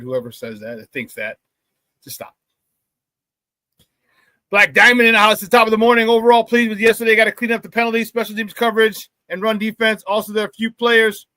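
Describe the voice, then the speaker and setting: Hyped sports talk host. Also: male voice, high-pitched, no room sound. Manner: hyped, shouts out viewers, laughs often. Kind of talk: live sports talk show, reading chat.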